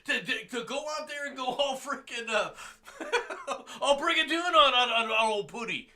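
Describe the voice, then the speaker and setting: A man with a strikingly high, piercing voice hosts a political talk show. He rants in a mocking, sarcastic way, stumbling over his words and bursting into shouts. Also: lively intonation, moderate pace. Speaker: podcast host.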